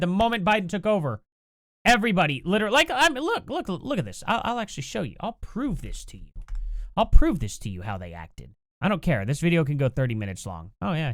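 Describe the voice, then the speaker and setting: Sarcastic, animated home commentator. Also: medium pitch, no room sound, studio quality. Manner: sarcastic, animated, laughing asides. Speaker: political commentary host. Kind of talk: casual commentary rant. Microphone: home computer mic, no compressor.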